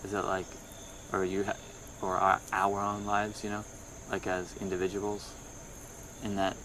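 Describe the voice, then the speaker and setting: Rambling low-voiced young man. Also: background noise. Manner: rambling, halting, many restarts. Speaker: podcast co-host, musician. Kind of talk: casual phone chat.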